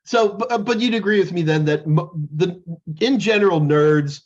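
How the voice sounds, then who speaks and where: A man's voice: high voice, moderate pace, dull audio. A middle-aged man co-hosting a casual chat, rambling and joking as he tells stories. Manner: rambling, jokey, animated storytelling. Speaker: podcast co-host.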